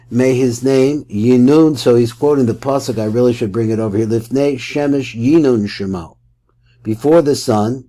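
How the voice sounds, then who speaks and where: A man's voice: medium pitch, mellow. A man teaching a Torah class, reading a text aloud and explaining it with Hebrew terms.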